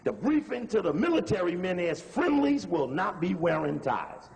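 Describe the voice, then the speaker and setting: A man's voice: high voice, sing-song, gravelly, darkish tone, long reverb tail. A man lecturing over video footage in a conversational, emphatic way, often calling to stop the tape. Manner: conversational, emphatic, repeats instructions to pause the tape.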